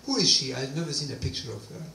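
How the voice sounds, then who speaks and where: A man giving a personal testimony talk, animated storytelling with quoted dialogue, in a hall. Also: medium pitch, fast, creaky, a little hiss or hum. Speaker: guest speaker. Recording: roomy distant hall recording, faint ambience.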